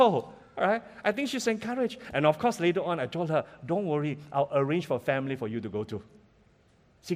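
Malaysian-accented male preacher, high-pitched and emphatic, heard with long hall reverb. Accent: Malaysian English. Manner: emphatic, asks the congregation questions often. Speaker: pastor. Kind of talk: sermon.

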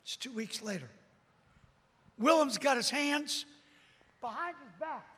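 A man preaching a sermon as a dramatic storyteller who breaks into sudden shouts. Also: very high-pitched, animated, measured pace, breathy edge, in a large hall.

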